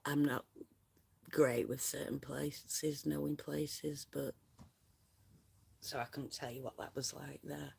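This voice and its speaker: A livestream host chatting casually with viewers in a soft, half-whispered voice and laughing often. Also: mid-range voice, level tone, slow, creaky, pauses often, husky. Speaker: livestream host reading chat.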